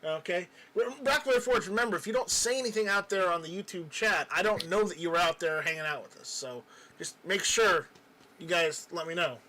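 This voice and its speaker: Guy running a livestream, kinda high voice, stumbles and repeats himself, reads chat out. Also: bright, forceful tone, slight background noise. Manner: halting, repeats words, reads chat comments aloud. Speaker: livestream host. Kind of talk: casual live-stream chat.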